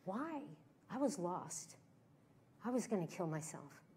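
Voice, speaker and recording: A woman giving a sermon as a guest preacher, telling stories with animated emphasis that swings from hushed to loud. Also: fairly low pitch, a little slow, a little hiss or hum. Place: church service.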